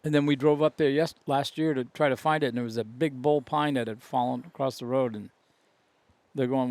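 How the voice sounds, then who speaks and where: A man's voice: medium pitch, fairly even intonation, fairly quick, a little mellow, no room sound. A man with a New England accent chatting casually among friends, laughing along and adding his own story. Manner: laughs along, short agreeing replies.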